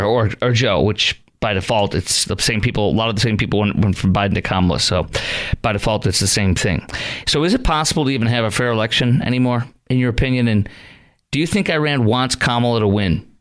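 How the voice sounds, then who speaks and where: A male talk radio host with a smooth, resonant voice at a middle pitch. He talks into a studio microphone in a sarcastic, rambling way and keeps restarting his sentences. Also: fairly bright tone.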